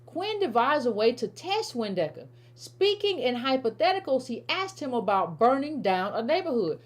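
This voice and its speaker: Woman host for a commentary show, slightly high, emphatic, stumbles and repeats, talks to viewers like family. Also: very animated, normal speed, hardly any pauses. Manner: emphatic, repetitive, stammering restarts, addresses viewers as family. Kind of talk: casual direct-to-camera commentary.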